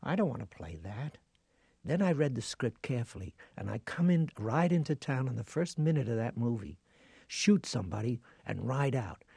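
Gravelly, husky older man telling stories. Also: medium pitch, normal speed, no echo, studio quality. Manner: animated storyteller who acts out voices and laughs. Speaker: actor guest. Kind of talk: interview storytelling.

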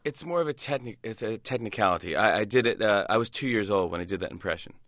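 A man in his forties with a bright, forceful voice tells a story in a casual interview. He is animated and keeps slipping into quick impressions of other people. The sound is dry and close. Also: on the low side, no room sound. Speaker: talk show host and impressionist.

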